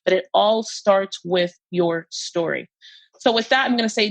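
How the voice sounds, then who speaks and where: A woman's voice: mid-range voice, a little slow, vocal fry, no echo. Gushing, emphatic woman podcast host. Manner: gushing, emphatic, repeats phrases. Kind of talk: casual podcast chat.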